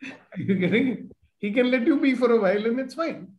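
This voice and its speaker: Animated middle-aged Indian man, echoey room. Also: very high voice, brisk, lo-fi sound. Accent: Indian English. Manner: animated, mixes in Hindi phrases, acts out quoted speech. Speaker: host. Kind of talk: casual conversation on self-growth.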